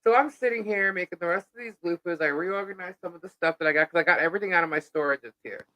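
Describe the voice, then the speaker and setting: A middle-aged woman co-hosting a live podcast, chatting casually and telling an animated story in which she acts out what people said. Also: on the low side, fast, no room sound, rough recording. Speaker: podcast co-host.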